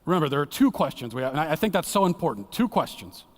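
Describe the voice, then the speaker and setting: Male guest preacher, earnest and dramatic, voice on the higher side, slips into hushed lows, church hall echo. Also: animated, rapid-fire. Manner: earnest, dramatic, drops to a hushed low voice for emphasis. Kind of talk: sermon. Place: church sanctuary. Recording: long church hall reverb.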